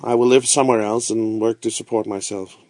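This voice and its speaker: A man reading aloud as an honorable young gentleman who speaks earnestly and formally. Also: fairly low pitch, fairly even intonation, fairly quick, no echo, close to an everyday voice.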